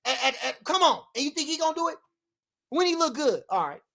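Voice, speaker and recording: A man streaming a heated boxing rant to his live chat, loud and repetitive, swearing freely and breaking into shouts. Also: very high-pitched, big pitch swings, quick pace.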